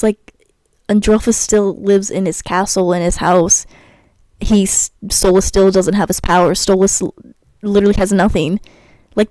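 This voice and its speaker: A woman's voice: medium pitch, warm tone, no room sound, poor audio. A young woman ranting about a cartoon episode in a sassy, exasperated way, sighing often and stumbling over her words. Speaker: YouTuber reviewing a cartoon episode. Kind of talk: ranting commentary while gaming.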